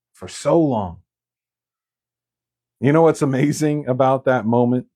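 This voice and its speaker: A male pastor preaching a sermon, telling the story in an animated way and acting out the quoted lines. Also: fairly low pitch.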